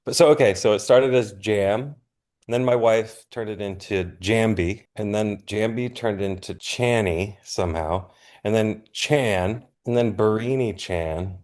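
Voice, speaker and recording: A man chatting casually as a podcast guest, laid-back and quick to laugh. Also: fairly low pitch, darkish tone. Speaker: punk musician guest. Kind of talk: casual interview chat.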